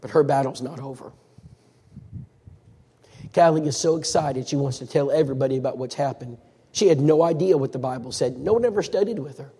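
Husky preacher in an echoey hall. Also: male voice, medium pitch, brisk, pauses often. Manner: dramatic, swings between loud and hushed. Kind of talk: sermon storytelling.

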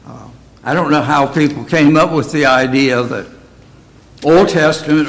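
A man's voice: fairly high pitch, measured pace, rough recording. A man teaching a Bible study in a plain, conversational way, often asking his listeners questions.

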